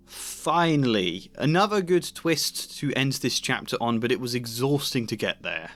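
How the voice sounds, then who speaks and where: A man's voice: medium pitch, lively intonation, measured pace, hardly any pauses, a bit bright. A man giving analytical book-critique commentary as a video essayist, mildly exasperated.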